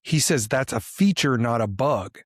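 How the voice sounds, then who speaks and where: A man co-hosting a casual business podcast, asking questions and reacting in a relaxed conversational way. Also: medium pitch, moderate pace, no room sound, studio quality. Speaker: podcast co-host.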